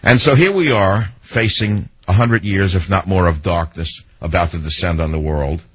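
A man's voice: deep voice, normal speed, a bit bright, slightly rough, no echo, low-quality recording. A man hosting a talk radio show, telling sarcastic stories and mimicking the people in them. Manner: sarcastic, storytelling with mimicked quotes. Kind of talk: monologue to listeners.

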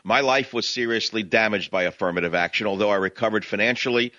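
A radio host from New York, speaking with a New York accent in a fiery, combative manner. His voice is forceful and bright, a little low in pitch. The studio sound is dry and slightly muffled. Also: fast talker, no echo. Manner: impassioned, combative ranting. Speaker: radio talk show host. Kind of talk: talk radio monologue. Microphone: studio microphone, dry.

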